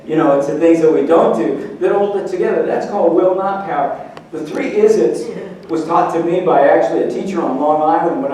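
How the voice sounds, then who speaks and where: A man's voice: on the high side, warm tone, slight background noise. A man giving a humorous keynote speech, telling stories and acting out voices for laughs. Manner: storytelling, acts out voices for laughs. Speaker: motivational speaker. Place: large hall. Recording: echoey hall from far off.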